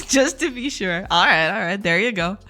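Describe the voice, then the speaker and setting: Woman streamer, chatty, laughs a lot, pitch jumps all over, faint music behind. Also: animated, moderate pace, sharp tone. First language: Portuguese. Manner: laughs often, chats with viewers. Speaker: game dev streamer. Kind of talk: casual live-stream chat.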